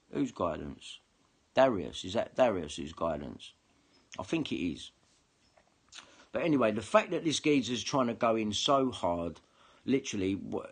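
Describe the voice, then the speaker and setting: A man's voice: lowish voice, creaky, breathy edge. A man ranting to camera, swearing heavily and combative, often repeating himself. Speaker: online video commentator. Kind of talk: angry ranting monologue to camera.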